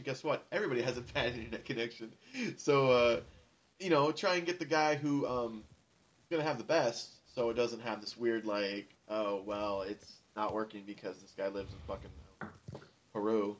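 A man's voice: medium pitch, fairly quick, a bit bright. Rambling casual man co-hosting. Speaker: podcast co-host. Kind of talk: casual group chat.

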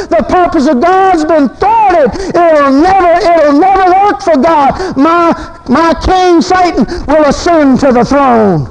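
A man's voice: extremely high pitch, a little slow, few pauses, low-quality recording. A preacher man, delivering a fervent, folksy sermon full of repeated phrases.

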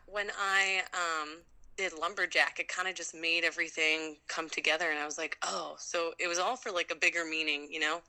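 A woman's voice: low-pitched, bright, forceful tone, poor audio. A woman in her thirties from Minnesota, a guest in a casual interview, talking in a chatty, upbeat way with lots of fillers. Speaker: guest, ultrarunner.

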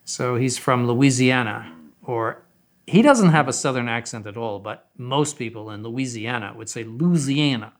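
An older man in a casual interview, wandering through his thoughts with frequent "uh"s and restarts. His pitch is ordinary for a man. He speaks as a seminary head. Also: moderate pace. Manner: rambling, with many fillers and restarts.

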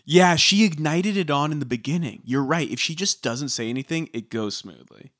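A man co-hosting a casual chat, animated and opinionated. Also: on the high side, normal speed, no room sound, studio quality. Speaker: podcast co-host. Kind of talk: casual chat recapping a reality show.

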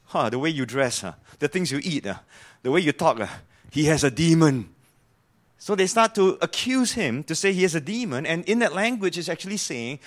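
A man's voice: a little high, sing-song, normal speed. A man preaching an earnest sermon, explaining a passage and asking his listeners questions.

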